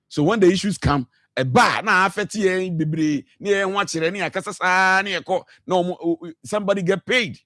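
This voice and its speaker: A man's voice: a little high, no echo, clean studio sound. A Ghanaian man with a Ghanaian accent arguing passionately on a radio talk show, mixing English with Twi and repeating himself as he presses his points. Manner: passionate, mixes English with Twi, frequent repetitions. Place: radio studio.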